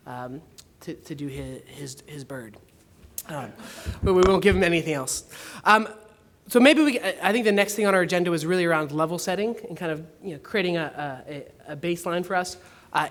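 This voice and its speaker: A man moderating a conference panel, introducing the speakers in a chatty, halting way. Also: fairly high pitch, a bit bright. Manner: chatty, halting with fillers and restarts.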